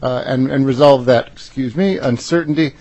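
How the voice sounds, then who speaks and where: A man giving formal testimony to a legislative committee, presenting a bill in a halting way with frequent "uh" fillers and restarts. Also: mid-range voice, dark tone, no echo, dull audio. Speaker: state agency official presenting a bill.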